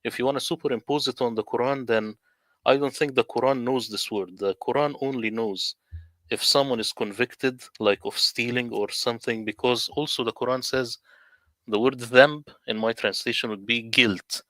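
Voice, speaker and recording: Uomo dal tono misurato, spiega con calma. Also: male voice, medium pitch, no echo. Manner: measured and explanatory. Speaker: guest, translator. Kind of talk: explaining his work in an interview.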